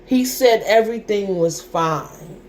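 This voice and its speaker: A woman's voice: medium pitch, takes it slowly, a little hiss or hum. A young adult woman telling a personal story to her viewers in an emotional, repetitive, colloquial way. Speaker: vlogger.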